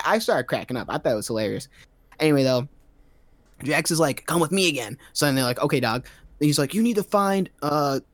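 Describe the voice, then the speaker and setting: A man's voice: fairly high pitch, no echo. Rambling sarcastic guy recapping a movie. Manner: rambling, sarcastic, lots of fillers. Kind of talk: casual comedic movie recap.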